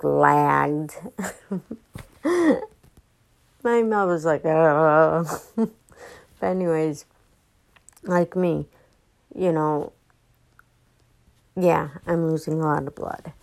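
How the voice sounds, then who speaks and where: A woman's voice: low voice, gravelly, darkish tone, low-quality recording. An exhausted young woman rambling through a casual podcast monologue, full of fillers and restarts. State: exhausted and fatigued. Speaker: podcast host.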